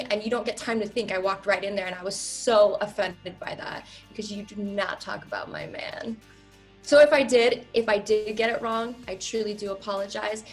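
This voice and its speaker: A woman in her thirties giving candid, emphatic interview answers as a reality show contestant, often pausing on "um" and turning emotional, close to tears. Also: mid-range voice. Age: 30s. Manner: candid, emphatic, many "um" fillers.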